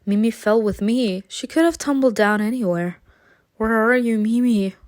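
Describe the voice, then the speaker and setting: A woman reading an interactive story game aloud, narrating dramatically and breaking into giggles and excited comments. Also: on the high side, normal speed, no echo, studio quality.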